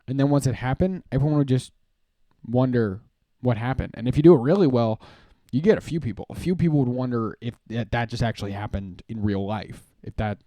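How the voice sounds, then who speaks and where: A man's voice: medium pitch, dark tone, no room sound, clean studio sound. A young man hosting a live stream, chatting casually in a rambling, joking way and often laughing. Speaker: streamer host.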